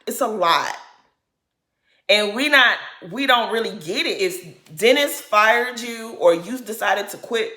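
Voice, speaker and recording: A woman's voice: fairly high pitch, takes it slowly, pushed and bright. A woman talks through a reality show episode in a casual, outspoken way. She jumps in and out of the cast's lines as she tells it, and her voice carries a noticeable echo from the room. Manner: blunt, opinionated, acts out quotes of the cast. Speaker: reality show recap commentator. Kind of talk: casual recap commentary.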